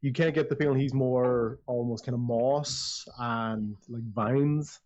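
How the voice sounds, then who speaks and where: A man's voice: medium pitch, fairly even intonation, a little slow, darkish tone. Chatty man running a tabletop game. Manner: chatty, rambling with restarts. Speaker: dungeon master. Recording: slightly dull lo-fi audio.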